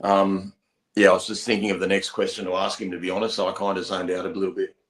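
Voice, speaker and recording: A man's voice: low voice, little pitch movement, fast, fairly bright tone. Easygoing Australian male podcast host. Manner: easygoing, conversational questioning. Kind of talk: casual podcast chat. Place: pub venue.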